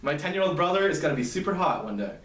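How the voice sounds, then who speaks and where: A man's voice: fairly high pitch, very animated, very fast, fairly bright tone. Nermosa, a teasing young woman, as a man puts her on. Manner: playful, teasing. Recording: echoey room, mic at a distance.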